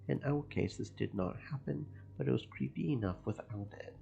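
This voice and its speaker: A man streaming a game, reading its narration and chatting about it in an even, gravelly voice. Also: mid-range voice, moderate pace. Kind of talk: narrating a visual novel with commentary. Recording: muffled lo-fi stream audio.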